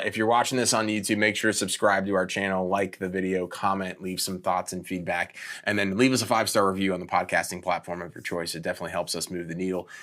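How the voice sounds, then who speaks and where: Low-voiced male podcast host. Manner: relaxed, gives short affirmations, reads a friendly outro. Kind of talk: casual interview and sign-off.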